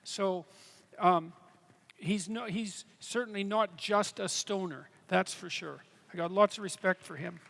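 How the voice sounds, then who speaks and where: A man from Canada answering audience questions on stage, halting and restarting phrases, with dry humor. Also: high voice, gravelly, fairly bright tone. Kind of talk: live Q&A on stage. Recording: live hall with long reverb.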